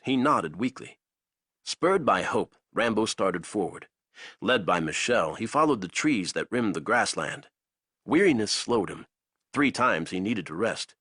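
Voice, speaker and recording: A man narrating an action audiobook in a dramatic, expressive way. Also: lowish voice, no echo, clean studio sound.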